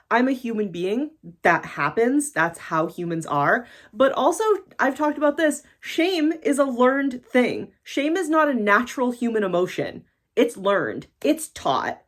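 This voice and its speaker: A woman from the United States talking casually and bluntly to her camera, swearing freely in a vlog rant. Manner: blunt, swearing, animated swings in pitch. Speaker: YouTuber.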